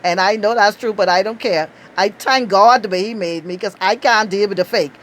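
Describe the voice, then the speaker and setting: A middle-aged Bahamian woman with a Bahamian accent, telling a lively, outspoken story and laughing often. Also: fairly quick. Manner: animated, outspoken, laughs often, acts out quotes in high bursts. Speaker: travel storyteller. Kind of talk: casual storytelling.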